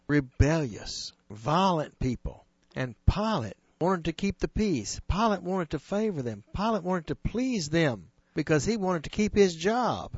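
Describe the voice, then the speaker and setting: An earnest man preaching, stressing key phrases and drawing them out slowly. His voice sits a little high. The recording is dry and close, with a dull, lo-fi tone. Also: slightly rough, no room sound. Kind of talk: sermon retelling scripture.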